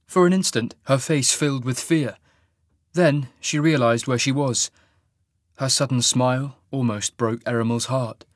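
Guy narrating a fantasy book, measured and even, dry close sound. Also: medium pitch, no room sound. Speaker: audiobook narrator.

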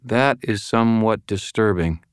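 A man's voice: on the low side, measured pace, clear, resonant tone, dry recording, clean studio sound, pitched above the performer's own voice, natural voice. A man voicing a tough, wary woman who speaks bluntly in a small toneless voice. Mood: flat.

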